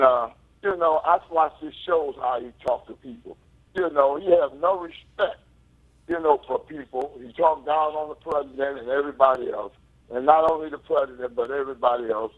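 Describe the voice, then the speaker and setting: Angry caller, grieving, fairly high and husky, phone line. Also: male voice. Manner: angry, emphatic, repeats himself. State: grieving and upset. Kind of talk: call-in radio talk.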